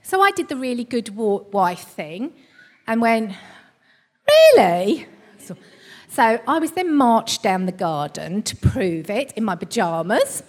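A middle-aged woman preaching a sermon, telling stories in a conversational way and building to emphatic high points. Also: sing-song, a little slow. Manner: conversational storytelling with rising emphasis. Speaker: church preacher.

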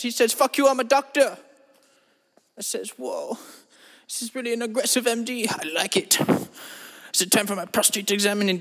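A man's voice: extremely high pitch, a bit bright, full character voice. A man voicing a rambling, self-absorbed eccentric in a comedy monologue, drawling and meandering, then turning suddenly crude. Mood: deadpan. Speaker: comedy podcast host. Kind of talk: absurd comic monologue in a character voice. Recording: long reverberant echo.

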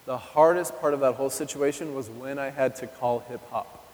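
A man's voice: medium pitch, brisk, a little mellow, slight background noise. Male preacher, 30s, candid testimony delivered conversationally to the congregation; live recording in a reverberant hall. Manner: candid, conversational, addresses the audience directly. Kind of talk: personal testimony sermon. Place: church hall.

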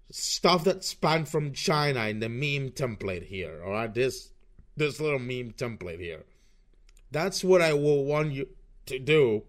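Over a screen recording, a young man with a fairly high voice rants through online commentary. He's profane and sarcastic and keeps restarting his sentences.

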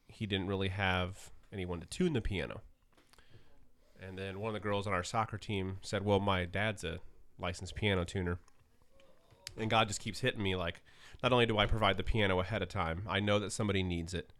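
A man guest in a casual interview, telling lively anecdotes with a self-deprecating touch. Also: low-pitched, normal speed.

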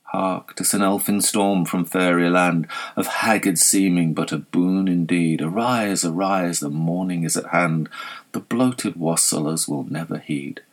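A man's voice: deep voice, a little slow. A man reading the lines of a young male lover who tenderly urges his beloved to wake and flee with him. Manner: urgent, tender verse. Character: ardent young male lover urging flight.

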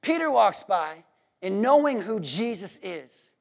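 A man preaching a sermon in an animated, worked-up and jokey way. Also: sits high, a little slow, vocal fry.

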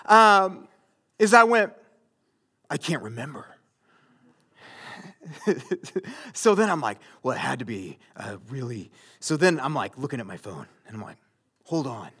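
A man preaching a sermon in a conversational way, with loud, emphatic bursts. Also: high voice, animated, moderate pace. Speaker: pastor.

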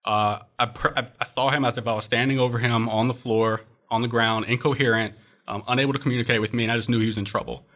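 A man's voice: medium pitch, fairly even intonation, quick pace, fairly bright tone. A young man as an interview guest, earnestly telling a personal faith story with frequent fillers.

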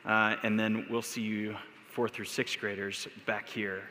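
A man's voice: on the low side, level tone, unhurried, sharp tone, slight background noise. An American man preaching a casual sermon as a pastor, talking in a loose, conversational, storytelling way. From United States. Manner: conversational, storytelling, filler words. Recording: echoey hall with long reverb.

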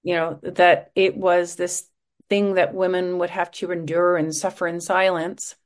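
A middle-aged woman, a podcast host being interviewed, chats casually in a lowish, slightly slow voice. She tells stories with animation, acting out the quotes.

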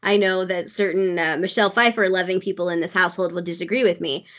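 A woman's voice: fairly low pitch, steady tone, quick pace, fairly bright tone. A woman co-hosting a podcast in casual chat, with dry, wry humor. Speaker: podcast co-host.

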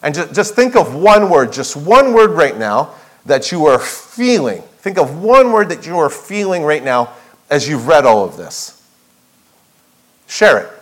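A male pastor delivers a sermon with a high, ringing voice. He presses his points with rhetorical questions and repeats key phrases for emphasis. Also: big pitch swings, unhurried, low-quality recording. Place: church sanctuary.

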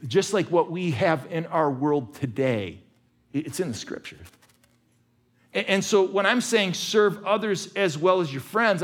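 A male pastor preaching a sermon, moving between conversational asides with restarts and fervent urging that climbs higher and louder.

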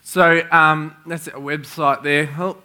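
Excitable preacher with a bright voice. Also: male voice, on the high side, slow, clean tone. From Australia. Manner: energetic, excitable storyteller, chuckling often. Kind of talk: sermon with storytelling. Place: church in front of a congregation.

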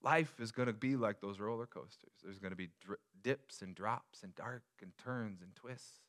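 A man in his thirties, a pastor preaching a sermon, telling a family story with lively acted-out voices. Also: fairly low pitch, moderate pace. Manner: animated storyteller, acts out voices. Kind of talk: sermon with personal stories.

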